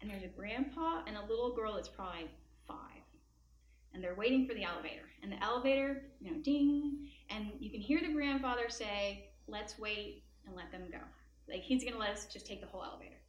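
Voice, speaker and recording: A woman's voice: a little high, fast talker, lo-fi sound, slight background noise. A woman speaking at a Christian event, giving an earnest devotional talk and telling personal stories with casual asides. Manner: earnest, animated storytelling with asides. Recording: echoey room with faint ambience.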